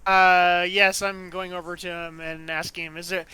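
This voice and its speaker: A man with a high, very bright voice plays in a tabletop role-playing game. He jokes and laughs easily, and stammers through his in-character lines. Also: little pitch movement, moderate pace, smooth, dry recording, low-quality recording. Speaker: player. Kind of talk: tabletop role-play chat.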